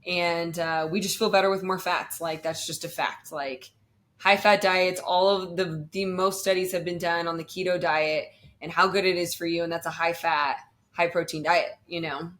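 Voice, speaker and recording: A woman's voice: lowish voice, steady tone, moderate pace, a bit bright. A young woman talking casually about her bodybuilding prep, chatty and full of fillers. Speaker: bodybuilding competitor, guest. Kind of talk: casual podcast chat.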